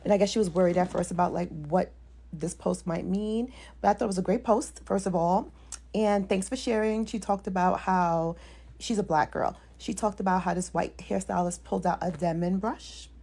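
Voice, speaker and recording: A woman's voice: fairly low pitch, fairly even intonation, vocal fry, warm tone. A woman hairstylist giving her opinion in casual, rambling talking-head commentary. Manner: fast, talkative, rambling.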